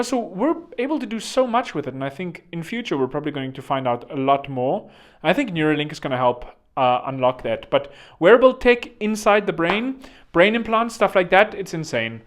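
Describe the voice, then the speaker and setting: A man's voice: sits high, fairly bright tone. A man hosting a podcast, talking in a rambling, chatty way with joking asides. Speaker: podcast host. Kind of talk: casual podcast monologue.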